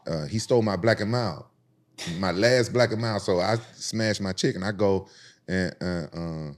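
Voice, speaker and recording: A man from Memphis, a podcast guest telling profane, animated stories about street fights and jumping high in pitch to quote other people. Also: normal speed. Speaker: podcast guest, former UFC champion. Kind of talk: casual storytelling.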